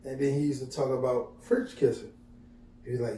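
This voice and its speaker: A man's voice: medium pitch, a little fast, far from the mic, a little hiss or hum. A middle-aged man, casually telling profane stories to his viewers and acting out the quotes. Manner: animated storytelling, profane, acts out quotes. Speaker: vlogger. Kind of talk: casual storytelling to camera. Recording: echoey room, voice off-mic.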